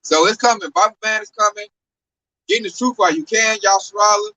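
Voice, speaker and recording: A man preaching on a downtown street in an animated, slangy, exclamatory way. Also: sits high, a little fast, recorded from a distance, slight background noise, low-quality recording.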